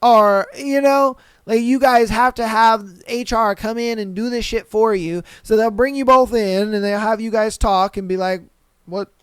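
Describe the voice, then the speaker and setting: A man's voice: sits high, unhurried, clean tone, no echo. A young man hosting a podcast, ranting bluntly with lots of swearing and putting on voices to mock people. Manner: blunt, profane, animated. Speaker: podcast host. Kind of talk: casual ranting commentary.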